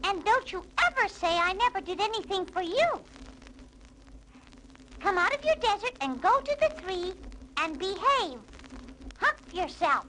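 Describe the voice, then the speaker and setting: A bossy genie , put on by a woman, scolds in a very high, bouncing voice that swoops up and down. The sound is bright and sharp. It plays on an old children's storybook record with a faint hiss. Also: sing-song, measured pace, pauses often, full character voice, rough recording. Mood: scolding. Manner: stern, scolding. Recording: faint noise, vintage 1968 record.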